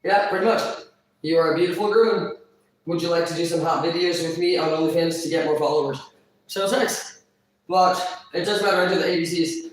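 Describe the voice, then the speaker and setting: A woman's voice: lowish voice, fairly quick. A woman vlogger talking in a rambling, casual monologue, crude and blunt, swearing constantly. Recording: echoey room, far from mic.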